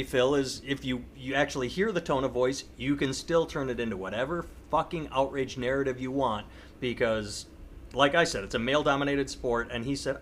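A man's voice: mid-range voice, a little hiss or hum. A man hosting a casual podcast chat, talking animatedly and acting out outraged voices. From United States. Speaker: podcast host.

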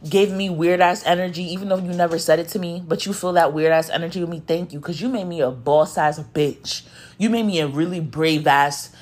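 A woman's voice: on the low side, breathy edge. A woman who gives spiritual readings, ranting bluntly to her followers and swearing constantly. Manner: blunt, profane and emphatic. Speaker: spiritual content creator and card reader. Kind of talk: unscripted rant to followers.

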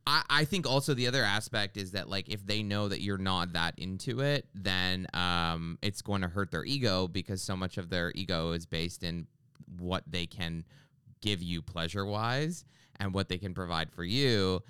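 A man's voice: sits low, normal speed, pushed and bright, smooth, dry recording. A man hosting a casual conversation, thinking aloud and adding dry quips.

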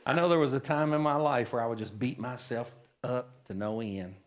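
A man's voice: mid-range voice, fairly quick. A man preaching a sermon at a church service, plain-spoken and folksy, often checking in with the congregation. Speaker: pastor.

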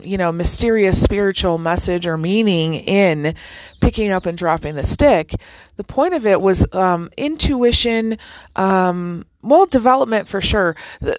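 A woman hosting a casual spiritual talk, chatty and animated, with many fillers and restarts. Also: mid-range voice, unhurried, dry recording, poor audio. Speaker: podcast host.

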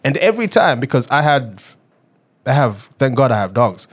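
Podcast co-host, man, mid-pitched, lively storyteller who acts out the voices. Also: normal speed, breathy edge. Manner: animated storyteller, acts out quoted voices, swears. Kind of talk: casual chat.

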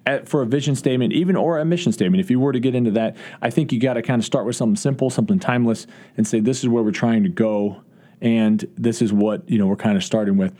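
A man's voice: mid-range voice, quick pace, dark tone. A man who is a college football coach, answering interview questions earnestly, with frequent restarts and fillers. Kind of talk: podcast interview.

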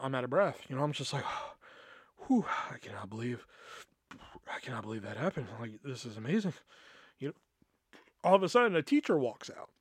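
Animated, profane young man telling a story. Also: fairly high pitch, dry recording, studio quality. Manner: profane, animated, rambling with lots of fillers. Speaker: podcast host. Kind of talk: casual storytelling.

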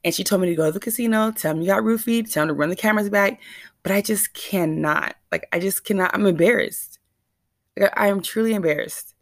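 A woman's voice: medium pitch, brisk, no room sound, studio quality. A woman vlogger telling a rambling, anxious, self-questioning story straight to her viewers. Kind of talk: casual confessional storytelling.

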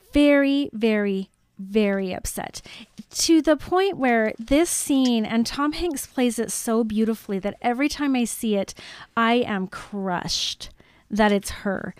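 A woman's voice: on the high side, darkish tone, smooth, dry recording. A woman casually recapping a film in a chatty talk show, acting out the scenes in quoted voices. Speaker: podcast co-host.

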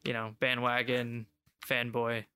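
A man's voice: mid-range voice, completely flat delivery, unhurried, sharp tone, clear, resonant tone, dry recording. A man co-hosting a podcast, talking in a laid-back, agreeable way in casual chat. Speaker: podcast co-host.

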